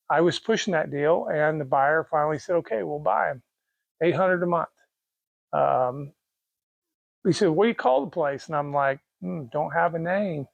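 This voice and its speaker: A man's voice: on the high side, vocal fry, no room sound. A middle-aged man with a Kansas accent, owner of a race car parts business, telling a rambling, folksy story with restarts and quoted dialogue. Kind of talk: casual storytelling.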